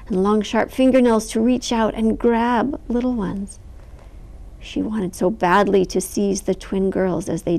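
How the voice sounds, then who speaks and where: A woman storyteller reading a picture book aloud, expressive and animated, with sound effects. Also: medium pitch.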